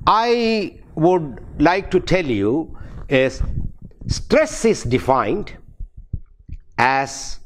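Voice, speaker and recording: A middle-aged man with an Indian English accent, giving a recorded university lecture on English pronunciation and repeating key definitions slowly and deliberately. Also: a little high.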